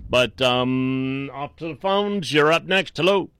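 A man hosts a talk radio call-in show in an easygoing, casual way. He mostly agrees with his co-host and often clears his throat. His voice is recorded close, with a dry studio sound. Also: medium pitch, takes it slowly, fairly bright tone, no echo. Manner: agreeable, laid-back, frequent throat clearing.

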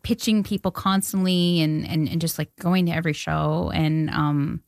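A woman in her thirties from Canada, telling stories as an interview guest in an animated way, with frequent laughs and fillers. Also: fairly low pitch, dry recording, clean studio sound. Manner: animated storyteller, laughs often, many fillers. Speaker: filmmaker guest. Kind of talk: casual interview chat.

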